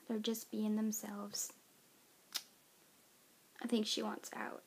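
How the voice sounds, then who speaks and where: A woman's voice: mid-range voice, monotone, extremely slow, creaky, long pauses, slightly rough. A woman with a childlike-sounding voice, chatting casually in a rambling way in a pet vlog at home, now and then scolding her pets. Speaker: pet owner vlogger.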